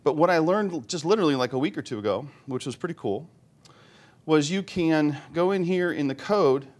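A middle-aged man with a slightly high voice presents a software demo to a live conference audience. He talks in a chatty, joking way and keeps asking the room questions. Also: lively intonation, moderate pace. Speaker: conference speaker. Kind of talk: live technical presentation with jokes.

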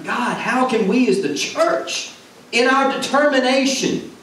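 Man, sermon, earnest, repeats lines for emphasis, booming reverb, faint background noise. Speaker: former pastor. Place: church sanctuary. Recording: echoey hall, from far off, faint noise.

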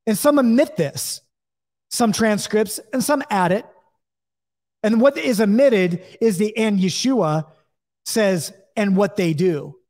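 A man's voice: high-pitched, slow pace, a little mellow, big-room sound. A man teaching a Bible lesson, reading scripture and explaining it in a conversational way, checking in with his listeners and acting out the voices he quotes.

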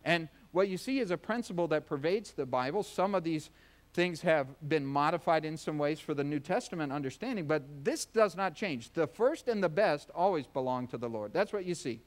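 A man's voice: a little high, lively intonation, normal speed. A man preaching a sermon as pastor, folksy and joking, acting out voices to make his points. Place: church.

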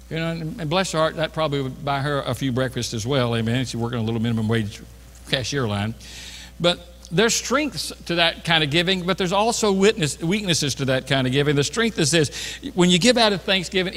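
A man's voice: on the high side, sharp tone. A middle-aged man, a pastor telling a self-mocking story in a sermon, chatty and full of restarts. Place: church sanctuary. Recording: reverberant church hall.

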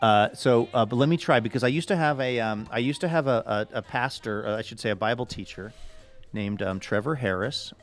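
A man's voice: medium pitch, a little fast, soft background music. Rambling, self-mocking male podcast host. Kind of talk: casual comedic chat.

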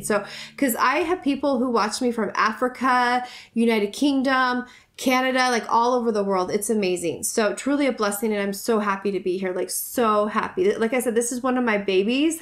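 A woman from the United States chats casually as a vlogger, opening mail from viewers. Her voice sits a little high, and she gushes warmly, repeating her thanks and rambling with plenty of fillers. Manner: gushing, effusive, repeats herself; soft, rambling with many fillers. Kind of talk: casual vlog chat.

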